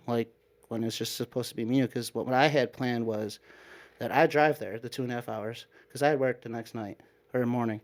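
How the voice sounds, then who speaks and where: A man with an Upstate New York accent telling a long personal story in casual chat, rambling and animated, full of "like" and quoted back-and-forth. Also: medium pitch, a little fast. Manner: rambling, animated retelling with frequent "like" and quoted exchanges. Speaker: guest storyteller.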